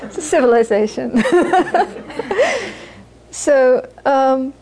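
A woman's voice: sits high, expressive, extremely slow, a little hiss or hum. A woman teaching a Buddhist talk to an audience, telling stories with laughter and repeated phrases. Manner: warm storytelling with laughter and repetition.

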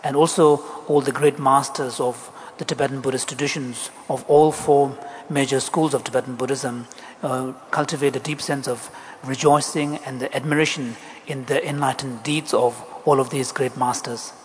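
A man interpreting a Buddhist teaching into English, explaining in a measured, deliberate way. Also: mid-range voice, steady tone. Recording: echoey hall, faint background noise.

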